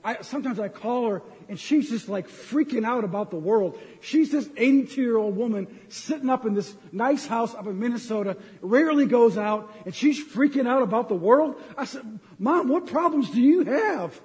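Middle-aged male preacher, fired-up and joking, high voice, echoing sanctuary. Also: moderate pace, few pauses, darkish tone. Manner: impassioned, ranting, jokey. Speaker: pastor. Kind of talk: sermon. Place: church sanctuary. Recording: long hall reverb.

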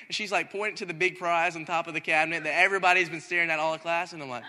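A young man, a minister, telling a story in a lively sermon and rising to shouts at times. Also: on the high side, racing, hardly any pauses, slight background noise. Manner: animated, talks in circles, rising to shouts. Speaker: youth minister. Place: church hall. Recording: hall reverb.

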